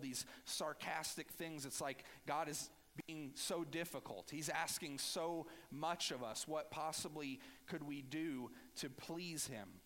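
A man delivering a sermon, his voice sitting a little higher than most men's. He talks to the congregation casually and acts out sarcastic, defensive lines in between. The sound carries a long hall reverb. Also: takes it slowly, hardly any pauses, fairly bright tone. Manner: conversational preaching with sarcastic acted-out asides. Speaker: pastor.

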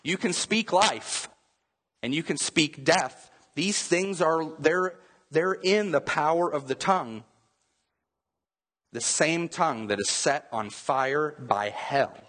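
A man's voice: a little high, takes it slowly, fairly bright tone, big-room sound. A man preaching a sermon as pastor, emphatic and repetitive, often restarting his phrases.

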